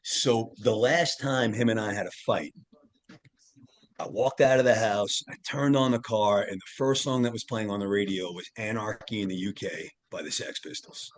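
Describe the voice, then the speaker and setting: A man, a guest on a talk show, telling a family story in an earnest, animated way. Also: lowish voice. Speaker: podcast guest, tarot reader and author. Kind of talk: casual storytelling interview.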